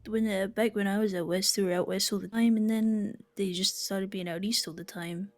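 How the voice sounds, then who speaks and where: A woman's voice: mid-range voice, fairly even intonation, moderate pace. A woman chatting in character during an online roleplay, sharing what she has seen.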